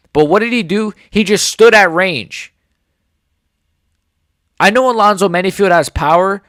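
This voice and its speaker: A man's voice: a little high, a bit bright, no room sound, clean studio sound. A man in his forties giving a heated, sarcastic reaction rant full of swearing. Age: 40s. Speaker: MMA commentator.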